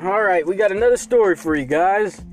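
A man's voice: high voice, lively intonation, brisk, over music. A man co-hosting a podcast, easygoing and agreeable as he keeps the show moving. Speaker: podcast co-host. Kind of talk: casual podcast banter.

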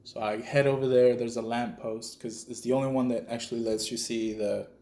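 A man's voice: medium pitch, flat delivery, a little fast, dark tone. A man from El Salvador telling a spooky childhood story in casual, profane podcast chat. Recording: echoey room.

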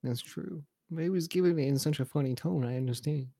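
A man with a gravelly, dark voice pitched a bit above average banters through a wrestling review. He is jokey and profane and breaks into laughter often. The recording is dry and close. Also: brisk, dry recording. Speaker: podcast co-host. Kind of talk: casual wrestling review chat.

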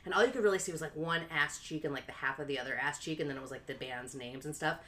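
A woman casually telling a wild story on a podcast, animated and laughing, acting out quotes with a high voice and saying "like" a lot. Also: fast talker. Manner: frequent "like" fillers. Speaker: podcast co-host.

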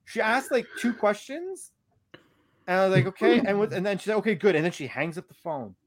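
A young man casually telling a story on a podcast, animated and profane, acting out what he said. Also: high-pitched, a little fast.

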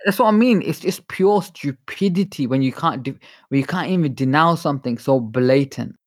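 A man argues his point in an animated, emphatic way, tagging his sentences with "right?" and "yeah?". His voice sits a little high. The sound is dry and close. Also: normal speed, no room sound. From Manchester, England. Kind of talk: casual heated chat.

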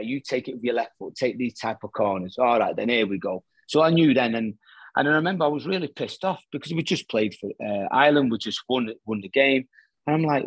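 Middle-aged man, husky voice, dry close sound, animated storyteller, casual guest chat. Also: mid-range voice, no room sound. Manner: animated anecdote-teller who acts out quoted dialogue. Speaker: guest, former footballer.

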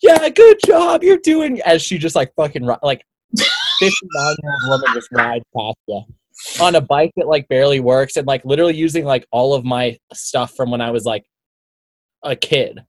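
A man's voice: medium pitch, fairly quick, dry recording. A young man chatting casually as a guest, rambling with lots of filler words. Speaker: guest, bike racer. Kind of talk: casual chat.

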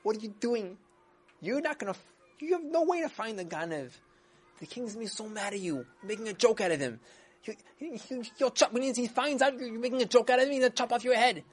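A storyteller voicing a strange inner voice that whispers scornful, urgent warnings, with pitch raised high. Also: expressive, quick pace, breathy edge. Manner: hushed, mocking whisper.

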